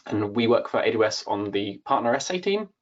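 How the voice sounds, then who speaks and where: A man giving a polite, relaxed introduction as a guest solutions architect on a webinar. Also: lowish voice, brisk. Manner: polite, relaxed, some uhs. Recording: dull lo-fi online call audio.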